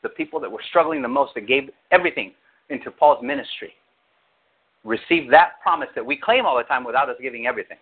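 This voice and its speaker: A male pastor preaching an animated sermon, acting out quotes with big jumps in his voice. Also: mid-range voice, fast talker, breathy edge. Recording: tinny phone-like audio.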